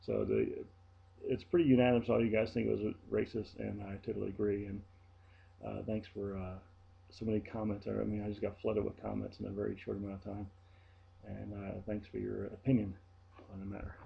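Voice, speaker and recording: A man's voice: on the low side, level tone, brisk, gravelly, muffled recording. A man talking casually to his viewers, telling a story in a chatty, blunt way. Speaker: vlogger and flight attendant. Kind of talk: casual vlog monologue.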